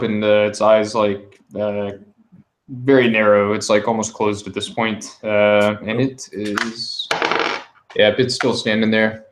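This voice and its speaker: A man running a tabletop game as game master, narrating in an unhurried way with lots of fillers. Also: on the low side. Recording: noisy home recording.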